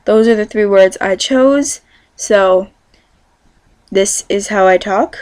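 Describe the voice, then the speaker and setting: A woman's voice: medium pitch, slow pace, a little mellow, no echo. A young woman in her teens with a Californian accent, chatting casually to camera from her bedroom and rambling with plenty of self-corrections. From California, USA. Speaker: vlogger.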